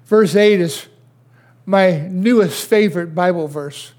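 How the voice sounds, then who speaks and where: Older guy preaching slow, lots of questions, goes quiet then loud again, kinda high voice. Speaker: pastor. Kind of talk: sermon.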